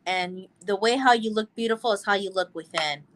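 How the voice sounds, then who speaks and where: A woman's voice: mid-range voice, fairly quick, a bit bright. A woman co-hosting a casual chat show, talking earnestly and rambling with fillers and restarts. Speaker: co-host.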